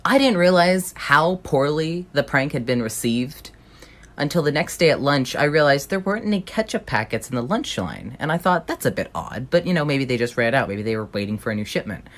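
A young adult telling a funny personal anecdote in an animated, sarcastic way, swearing freely. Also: mid-range voice, fairly quick. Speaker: storyteller.

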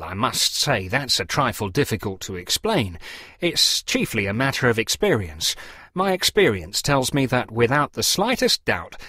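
A man's voice: mid-range voice, a bit bright, dry recording, clean studio sound. A man voicing a fussy, pompous middle-aged clergyman who lectures in a precise, theatrical way.

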